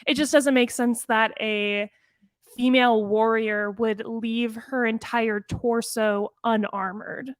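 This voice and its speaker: Animated female co-host, chatty and quick, a bit high-pitched, recorded dry and close. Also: no echo. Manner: animated, quick bursts of speech with frequent "like". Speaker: podcast co-host. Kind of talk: casual chat.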